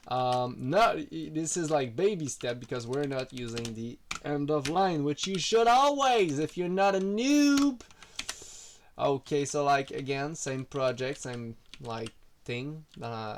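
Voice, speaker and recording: A man talks through his code in a loose, casual walkthrough. He rambles and fills gaps with ums and likes. He pokes fun at himself at an average male pitch. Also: a little hiss or hum. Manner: rambling, filler-heavy, self-deprecating. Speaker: programming tutorial creator. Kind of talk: casual screen-recorded coding walkthrough.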